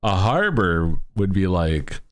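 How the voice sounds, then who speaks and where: Relaxed male streamer, low voice, slow drawl, chatty and rambling. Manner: laid-back, rambling with many fillers; bursts into loud laughter. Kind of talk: casual chat.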